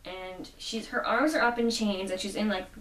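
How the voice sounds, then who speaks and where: A woman's voice: mid-range voice, moderate pace, a bit bright. A woman casually recapping a comic book story, quoting the characters as she goes. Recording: roomy echo, mic at a distance.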